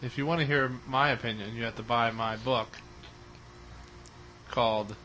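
A man's voice: mid-range voice, fairly even intonation, normal speed, bright, forceful tone, soft background music, rough recording. A man as a guest on a casual podcast, making dry wisecracks. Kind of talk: casual chat.

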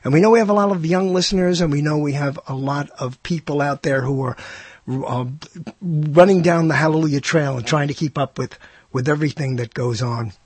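An older man from New York with a New York accent, hosting a radio talk show in a rambling, self-mocking, theatrical monologue with a husky voice. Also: fairly high pitch, a little mellow, no echo. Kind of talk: casual monologue.

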